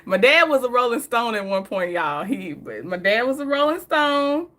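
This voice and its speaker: Bright-voiced chatty woman. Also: fairly high pitch, lively intonation, moderate pace. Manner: chatty, laughs often, talks straight to viewers. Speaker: vlogger. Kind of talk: casual story time.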